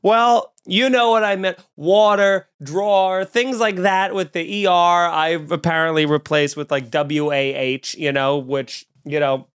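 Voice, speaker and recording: A man's voice: high-pitched, steady tone, measured pace, few pauses, a bit bright, clean tone. A man with a Long Island accent hosting a casual comedy podcast, rambling and joking with frequent self-corrections. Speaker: podcast host.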